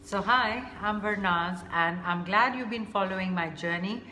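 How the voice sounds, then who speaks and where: A woman hosting a casual food vlog, unhurried and thinking aloud with many fillers. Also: mid-range voice, bright, forceful tone, echoey room, a little hiss or hum. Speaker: cooking vlogger.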